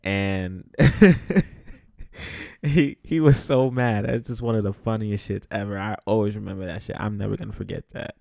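A man's voice: on the low side, a little slow, creaky, a little mellow, no echo, studio quality. Laid-back young man from the Bronx. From the Bronx, New York. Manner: laughs often, profane and loose. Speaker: podcast host. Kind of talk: casual storytelling monologue.

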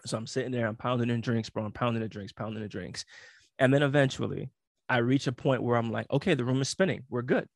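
Young man telling an animated, slangy story. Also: medium pitch, quick pace, vocal fry, no room sound, studio quality. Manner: slangy, animated storytelling with frequent laughs and acted-out quotes. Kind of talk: casual chat.

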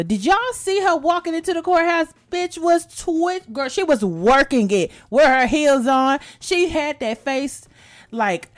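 A young woman from the American South hosting a podcast, chatting about celebrity news in a sassy, profane way and laughing loudly. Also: on the high side, no echo. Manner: sassy, profane, animated gossip with loud laughs. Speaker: podcast host. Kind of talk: casual celebrity news chat.

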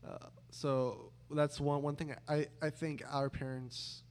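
A man's voice: fairly high pitch, steady tone, slow, darkish tone. A young man hosting a casual chat with his younger brother, rambling with many restarts and dry, sarcastic teasing. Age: young adult. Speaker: podcast host.

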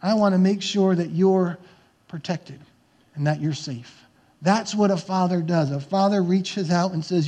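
High-voiced man preaching a sermon. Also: fairly even intonation, moderate pace. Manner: conversational preaching, acts out yelling parents and coaches. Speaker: pastor.

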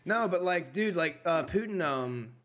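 A young man co-hosting a casual podcast, telling crude, animated stories full of swearing. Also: on the high side, unhurried. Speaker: podcast co-host. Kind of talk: casual chat.

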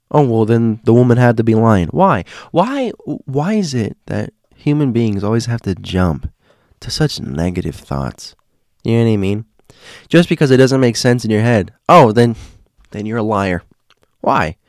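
A man's voice: on the low side, darkish tone, no echo, studio quality. A man casually retelling a spooky story in a dramatic way, often asking rhetorical questions.

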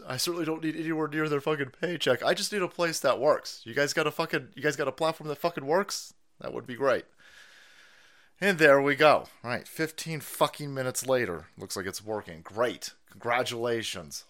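A middle-aged man live-streaming a profane, exasperated rant as a political commentator, lurching between low mutters and loud outbursts. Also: a little fast.

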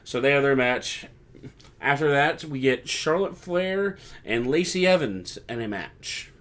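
A man's voice: mid-range voice, expressive, unhurried, a bit bright. A young man hosting a casual podcast, chatting through a wrestling recap and acting out lines he quotes. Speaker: podcast host.

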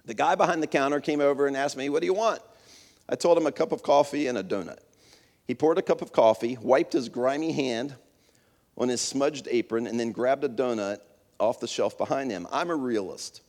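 A man reads a story aloud in an earnest storytelling manner. His voice sits at an average pitch for a man. Long reverb rings around him as if in a large hall. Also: brisk, darkish tone. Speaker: speaker.

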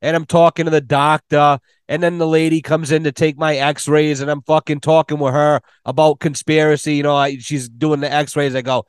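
A man's voice: on the high side, little pitch movement, normal speed, hardly any pauses, clear, resonant tone, no room sound, studio quality. A man in casual podcast conversation, telling rambling stories full of swearing. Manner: swears often, rambling storyteller.

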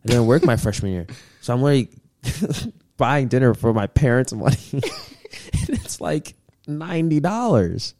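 A man's voice: medium pitch, very animated, unhurried, a little mellow, no echo. A man as a podcast guest, telling dating stories in casual chat, laid-back and slangy, laughing often.

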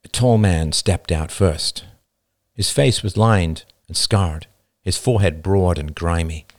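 A man reads an audiobook in a measured, soft-spoken manner. His voice is very low. The recording is close and dry. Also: dry recording. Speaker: narrator. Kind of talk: audiobook narration.

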